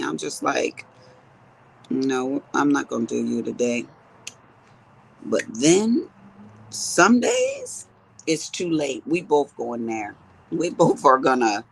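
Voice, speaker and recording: A woman in her fifties who chats to her viewers while crafting. She tells stories in a low voice. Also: creaky, a little hiss or hum, rough recording. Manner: chatty storyteller talking to viewers as she works. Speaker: crafting vlogger. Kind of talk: casual chat while crafting.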